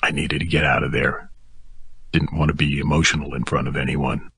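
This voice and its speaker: Very deep husky male audiobook narrator. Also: level tone, fairly quick, fairly bright tone, no echo. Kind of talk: first-person audiobook narration.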